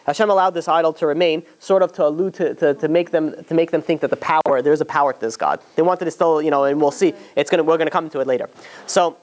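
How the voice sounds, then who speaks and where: Man telling a story to a class. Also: on the high side. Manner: halting, full of restarts and "you know". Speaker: rabbi teaching a class. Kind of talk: informal storytelling lesson to students.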